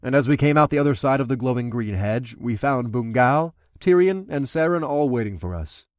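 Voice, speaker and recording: A man's voice: medium pitch, lively intonation, fairly quick, no room sound, clean studio sound. A man narrating an adult fantasy audiobook, doing the main character's dialogue himself.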